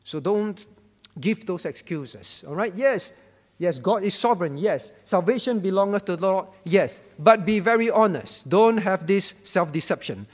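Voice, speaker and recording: A man's voice: sits high, expressive, unhurried, in a large hall. A man preaching a sermon as pastor, emphatic, repeating his key phrases and putting questions to the congregation. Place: church.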